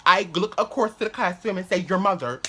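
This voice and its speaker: A man's voice: sits high, fairly even intonation, fast talker, sharp tone. A man chats to the camera in a loose vlog story. He swears freely and keeps restarting his sentences. His speech is full of "like" fillers, with a faint hiss in the background. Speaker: vlogger.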